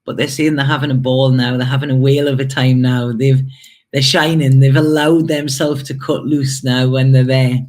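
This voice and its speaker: A man with a darkish, medium-pitched voice and little pitch movement gives an intuitive tarot and spirit reading to camera at normal speed. He speaks hesitantly, repeating words, using many fillers, and pausing for emotional asides.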